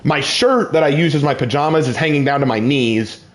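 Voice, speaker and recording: A young man casually telling personal stories while playing a game, with excited outbursts. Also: on the high side, brisk. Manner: lively, shifts from calm to excited outbursts. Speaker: gaming channel host.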